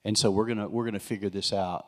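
A middle-aged man preaches about his own marriage before a congregation. He talks earnestly, leaning into his key lines and keeping the tone friendly with quick jokes. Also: lowish voice, fairly even intonation. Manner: earnest, preacherly, with joking asides. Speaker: pastor sharing testimony. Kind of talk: sermon-style testimony.

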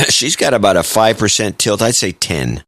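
Low-voiced man, dry deadpan co-host. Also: normal speed, no echo. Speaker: podcast co-host. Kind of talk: casual chat.

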